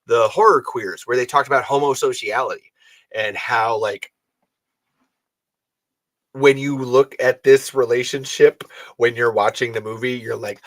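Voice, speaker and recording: Bright, excitable man hosting a fan show. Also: mid-range voice. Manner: excitable, profane, rambling, quick to laugh. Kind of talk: casual chat.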